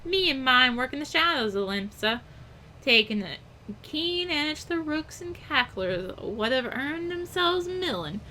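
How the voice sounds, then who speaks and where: A woman's voice: high voice, sing-song, measured pace, bright, forceful tone, slight background noise, heavily acted. A woman doing a cocky, slangy rogue recruiter. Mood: sly.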